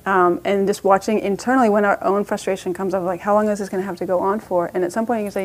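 A woman's voice: mid-range voice, fairly even intonation, fast talker, hardly any pauses. A woman teaching a parenting class as a meditation teacher, talking conversationally with frequent restarts and light laughs.

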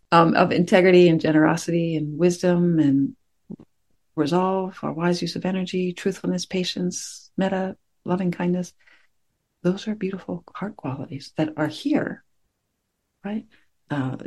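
A woman meditation teacher speaks to her class in a gentle, reflective way, pausing often to find her words. Her voice is warm and mellow, with a gravelly edge and a husky, breathy grain. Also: lowish voice. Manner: gentle, reflective, searching for words with many pauses. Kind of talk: dharma talk to a class.

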